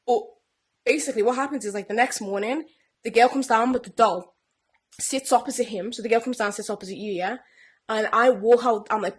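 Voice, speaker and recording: A woman's voice: a little high, fairly quick, slightly rough. Chatty woman retelling a story. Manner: animated storyteller who acts out characters' lines. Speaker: podcast co-host. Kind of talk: casual chat retelling a TV plot.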